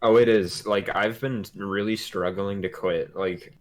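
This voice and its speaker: A young man with a lowish voice, chatting on a podcast. He talks in a loose, laid-back way, full of filler words and casual swearing. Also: steady tone, unhurried. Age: young adult. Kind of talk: casual chat.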